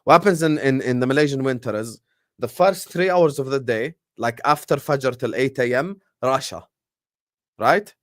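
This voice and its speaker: In a clean, dry studio recording, a young Scouse man from Liverpool, in his twenties, chats with viewers during a live Q&A at a moderate pace in a mid-range voice. He's a streamer fielding questions, reading the chat out loud and keeping things lively with slang and jokes.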